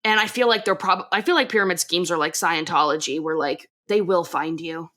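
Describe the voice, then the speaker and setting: A woman's voice: lowish voice, fairly quick. A woman podcast co-host casually recapping an episode, acting out the characters' lines and swearing freely. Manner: animated retelling, acts out quotes, swears.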